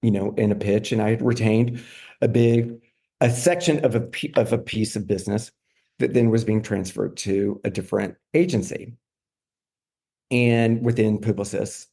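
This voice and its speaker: A man's voice: on the low side, vocal fry, mellow. A middle-aged man telling a candid story as a podcast guest, with many "like" and "you know" fillers.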